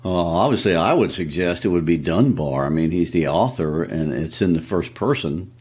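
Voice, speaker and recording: Very deep-voiced easygoing man. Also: lively intonation, normal speed, darkish tone, breathy edge. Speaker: podcast co-host and teacher. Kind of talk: casual chat.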